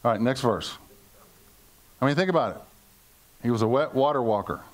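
A man's voice: medium pitch, expressive, normal speed. Older male pastor joking through a sermon. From United States. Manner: conversational, joking, acts out quotes in funny voices. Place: church service before a congregation.

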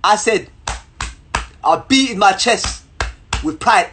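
Animated young man. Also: high-pitched, takes it slowly, pauses often, slight background noise. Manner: animated, repetitive, slangy storytelling. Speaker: vlogger. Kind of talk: storytime to camera.

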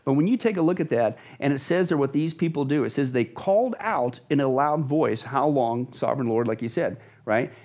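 A man's voice: fairly high pitch, animated, brisk, few pauses, darkish tone. A man, a pastor, teaching emphatically and dramatically about scripture as a guest in a conversation, repeating phrases for stress. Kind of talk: animated Bible teaching in conversation.

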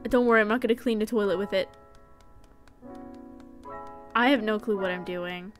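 A woman streamer giving playful, chatty commentary while she plays a game, going from sudden yelps to hushed whispers. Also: medium pitch, normal speed, pauses often, soft background music. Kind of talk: casual gameplay commentary.

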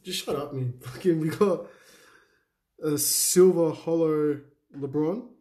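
A young Australian man calls out trading cards one after another in a relaxed, sweary running commentary. His voice sits a little high for a man and sounds mellow and soft-edged. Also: slow pace. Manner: reels off card names in a laid-back, swearing banter. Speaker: card-break co-host. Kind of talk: casual card-opening commentary.

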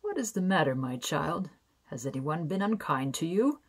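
A wise old tomcat from a bedtime storybook, sensible and kind, speaking in a low, slightly husky voice, as a woman reading aloud puts him on. He talks slowly and gently, like a caring father to his colony. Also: sing-song, exaggerated voice. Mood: kindly. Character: wise old male cat, kindly and sensible.

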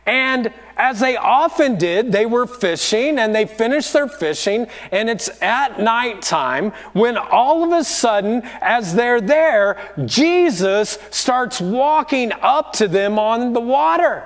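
Male lead pastor, unhurried sermon delivery, lively storyteller who acts out voices. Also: very high voice. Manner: storytelling, acting out quoted voices. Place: church auditorium.

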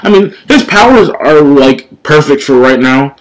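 A young man giving casual, excitable reactions while reading a manga chapter, swearing often and calling people dude. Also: on the high side, a little slow. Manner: profane, excitable, says dude a lot.

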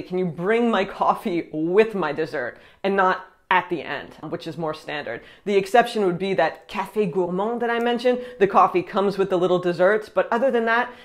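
A woman giving casual, friendly tips in a travel vlog, dropping in short French phrases. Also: medium pitch. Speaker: travel vlogger.

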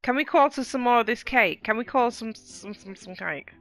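A woman with a slightly high voice, talking at normal speed, hosts a casual let's play on her gaming channel. She chats with viewers and exclaims at what happens in the game.

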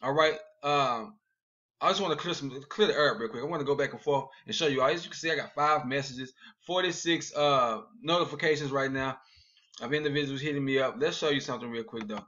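Excited fast-talking man pitching to camera. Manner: fast, excited, repeats "all right?" after each point. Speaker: network marketing promoter. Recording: dull lo-fi video audio.

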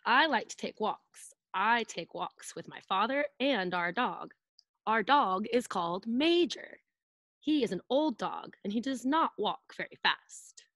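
A woman's voice: medium pitch, expressive, a little slow, a bit bright, no echo. A woman preschool teacher reading a picture book aloud to children over a video call, playfully acting out sound effects and asking them to join in.

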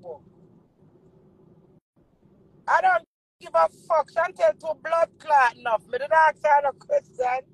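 A woman's voice: high-pitched, animated, normal speed, gravelly, a bit bright, low-quality recording. A woman with a Jamaican accent delivering a heated, profane monologue full of repeated curses. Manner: heated, profane, repetitive cursing. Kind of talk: angry ranting monologue.

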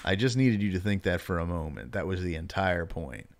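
A man's voice: deep voice, sing-song, a little fast. A male streamer wrapping up a live stream in casual, self-mocking chat, his throat a little strained. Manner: reads viewer messages aloud in exaggerated put-on voices.

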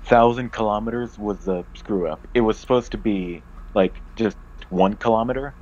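Self-deprecating male author explaining his story; lowish voice, dull lo-fi recording. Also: normal speed, a little mellow. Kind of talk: casual chat.

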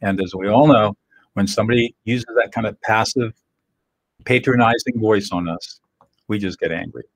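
Older male teacher, husky voice, earnest and direct, dry close sound. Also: fairly low pitch, normal speed, no echo, rough recording. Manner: earnest, plain-spoken, sure of himself. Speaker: presenter teaching emotional skills. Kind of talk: direct-to-camera teaching talk.

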